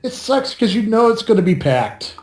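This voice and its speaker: A man co-hosting a podcast swears and laughs often as he rambles in casual talk. He speaks at normal speed in a high, darkish voice with big pitch swings; there's slight background noise and a roomy echo.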